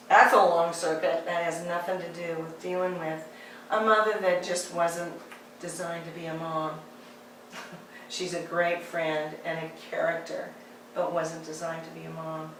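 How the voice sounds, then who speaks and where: A woman's voice: on the low side, little pitch movement, measured pace, slight background noise. A woman giving a candid, conversational talk and telling a personal story. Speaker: speaker. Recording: echoey hall, distant mic.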